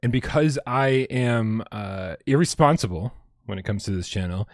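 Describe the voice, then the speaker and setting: A man's voice: on the low side, moderate pace, no echo, clean studio sound. A man co-hosting a casual gaming podcast, joking around and rambling with restarts. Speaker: co-host.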